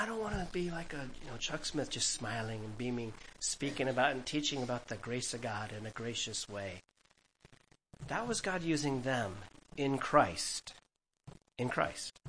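A man in his fifties, a pastor giving a conversational, animated Bible-teaching sermon to his congregation, laughing now and then at his own stories. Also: mid-range voice, a little hiss or hum, rough recording. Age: 50s.

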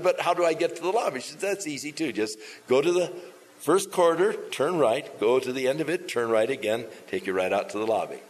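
Man telling a lively sermon story. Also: mid-range voice, low-quality recording. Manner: animated, acts out quoted dialogue.

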